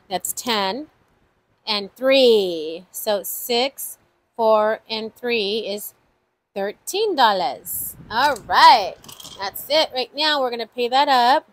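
A woman hosting a budgeting channel chats with viewers in a casual savings-challenge vlog, counting numbers aloud and exclaiming often. Her voice is on the high side, and the recording is low quality but has no echo.

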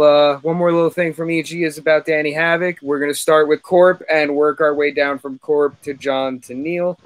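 A man's voice: fairly high pitch, no echo. Host man steering guests, dry sound. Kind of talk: hosting a live tribute show.

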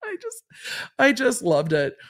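A woman's voice: fairly high pitch, wildly swooping pitch, a little slow. La woman lawyer-host on a live stream, gabby, keeps repeating lines. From Los Angeles. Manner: chatty, repeats phrases for effect. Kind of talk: casual livestream chat reading comments.

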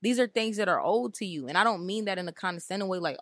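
A woman's voice: medium pitch, expressive, quick pace, no echo. A woman hosting an inspirational spiritual talk, speaking in an emphatic, repetitive, conversational way. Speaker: spiritual channel host.

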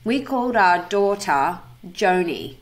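An Australian actress chats as a podcast guest, spinning quick anecdotes. Her voice sits at a middle pitch for a woman, easy and conversational. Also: lively intonation. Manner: chatty, quick storytelling. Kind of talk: casual chat.

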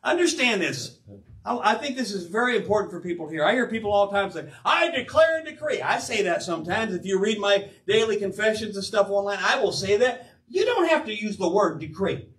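An older man preaching an animated, emphatic sermon as pastor of his church, acting out quoted asides. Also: sits high, brisk. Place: church sanctuary. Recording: roomy church sound from a distance.

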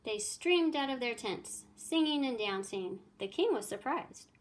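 A woman teacher reading a children's math story aloud with clear, expressive storytelling. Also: fairly high pitch, unhurried.

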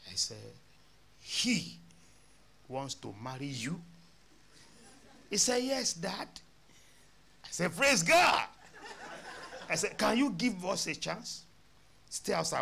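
A male pastor preaches slowly, his voice gravelly and bright, with pitch that swings widely as he acts out a remembered conversation. Faint noise sits under the recording. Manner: animated storyteller acting out dialogue, laughing. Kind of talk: sermon storytelling.

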